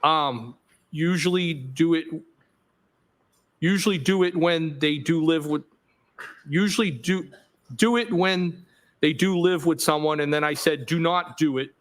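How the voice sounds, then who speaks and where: A man on the witness stand in a courtroom, reading messages aloud in a steady, measured delivery. His voice sits a little higher than most men's, and he reads each punctuation mark aloud as he goes.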